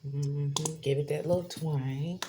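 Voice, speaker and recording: A woman's voice: low-pitched, fairly even intonation, takes it slowly, heavy background noise. A woman, chatting casually to viewers while she cooks in her home kitchen. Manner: chatty, addresses viewers as y'all. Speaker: cooking vlogger. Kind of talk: casual cooking vlog.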